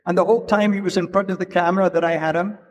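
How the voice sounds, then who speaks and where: An older man with a high voice tells stories from a stage. He speaks at an easy pace and often slips in "you know". The long reverb of a large hall trails behind his words. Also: steady tone. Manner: unhurried, storytelling with frequent 'you know' asides. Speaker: keynote speaker, photographer. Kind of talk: anecdotal stage talk. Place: event hall.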